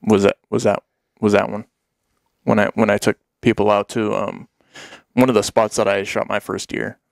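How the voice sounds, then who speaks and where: A man's voice: on the low side, little pitch movement, normal speed, gravelly, dry recording, clean studio sound. Laughing, rambling man telling stories. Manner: rambling, laughs often, acts out quotes. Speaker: podcast guest telling hunting stories. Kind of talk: casual storytelling chat.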